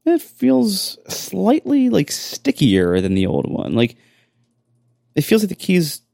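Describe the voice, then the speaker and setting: A man's voice: high voice, huge pitch swings, slow pace, vocal fry, warm tone, no echo, studio quality. A man co-hosting a podcast in casual chat, often hesitating and restarting his sentences. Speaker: podcast co-host.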